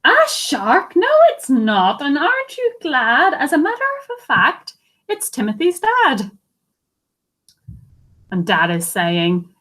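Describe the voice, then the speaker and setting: A woman teacher reading a picture book aloud to children, animated and asking them questions. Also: sits high, slow pace. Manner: animated, asks listeners questions. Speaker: primary school teacher.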